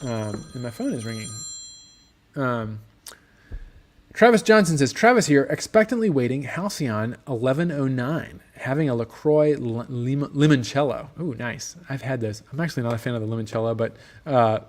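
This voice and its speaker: A man hosting a casual livestream from a motorcycle workshop, reading out viewer comments in a relaxed, rambling way full of ums and restarts. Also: medium pitch, moderate pace, slight background noise.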